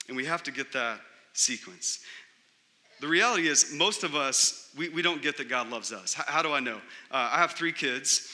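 A middle-aged man, a pastor, preaching a sermon in a casual, animated way, often saying "like" and "right?". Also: fairly high pitch, big-room sound.

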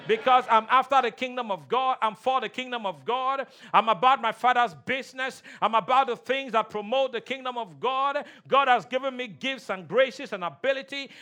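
In a church sanctuary, a pastor preaches a sermon, leading call-and-response and repeating key lines. He swings between loud shouts and low, quiet emphasis.

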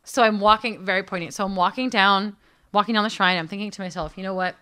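A young American woman telling a story in casual chat, animated and acting out the quotes. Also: mid-range voice, fast, smooth. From United States. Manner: animated, acts out quotes, frequent restarts.

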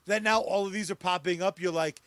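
A man's voice: sits high, steady tone, fairly quick, a bit bright, no room sound. A man co-hosting a comedy podcast, rambling and self-deprecating, laughing easily. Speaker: podcast co-host. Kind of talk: casual comedic banter.

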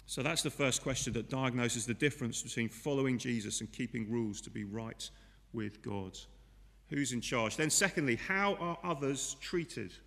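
A church sermon comes from a man whose mid-range voice has a fairly bright tone and a moderate pace, trailed by long reverb. He speaks conversationally and frequently asks the congregation rhetorical questions.

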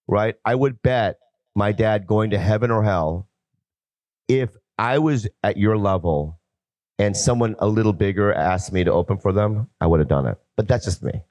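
A man's voice: on the low side, normal speed, a little mellow, dry recording. A man appearing as a guest comedian, talking in a blunt, rambling and provocative way in casual podcast banter.

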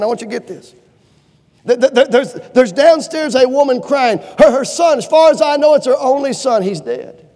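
A man preaching a sermon with fervent delivery, swinging from loud urgent pleading to low hushed lines. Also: expressive, fairly quick. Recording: long hall reverb.

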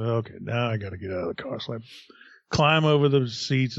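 A middle-aged man, a podcast co-host, telling a profane, animated story in casual chat. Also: mid-range voice, dry recording, dull audio.

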